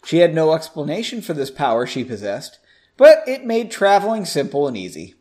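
A man reads a fantasy story aloud on his podcast, stopping now and then to joke about the text. His voice is slightly high for a man and very animated, rising and falling freely. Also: fairly quick. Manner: playful, jokes and laughs at the text. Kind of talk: story reading with casual asides.

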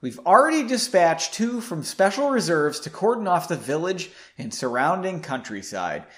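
A man voicing a stern male mage leader who speaks formally and booms orders. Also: very animated, moderate pace, fairly bright tone. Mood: commanding. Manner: booming, formal.

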